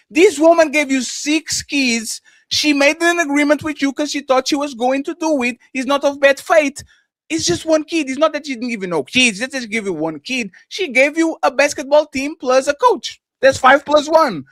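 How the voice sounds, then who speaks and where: A man's voice: extremely high pitch, a bit bright, no echo, clean studio sound. A man co-hosting a heated panel debate over a video call, insistent and cutting in by repeating the other panelist's name. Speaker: co-host.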